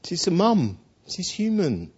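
Casting: preacher man, chatty storyteller, husky voice with a lively lilt, dull lo-fi sound. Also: high-pitched, slow. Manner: conversational storytelling, with rhetorical questions. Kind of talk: sermon.

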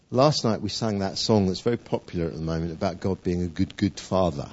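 A man preaching a sermon, telling stories with playful jokes and dramatic pauses. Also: low-pitched, darkish tone. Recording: dull lo-fi recording.

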